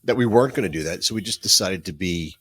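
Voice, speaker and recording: A man's voice: low-pitched, lively intonation, fast talker, sharp tone, breathy edge. A man co-hosting a casual podcast chat, cracking dry jokes. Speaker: podcast co-host.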